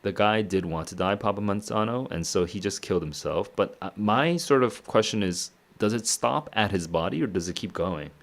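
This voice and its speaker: Reading a novel aloud on his stream, a man with a notably low voice keeps stopping to muse on passages and chuckles along the way. The casual read-and-react session is relaxed and unscripted, moving at a moderate pace with few pauses.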